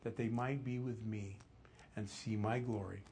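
A man preaching an expository sermon, telling the story with animation and dropping low and soft for emphasis. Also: steady tone, measured pace, a little hiss or hum. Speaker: pastor.

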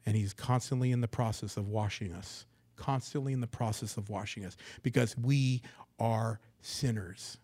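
A man preaching a sermon in a church, swinging from loud, emphatic lines down to hushed, low asides. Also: normal speed. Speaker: pastor. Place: church sanctuary.

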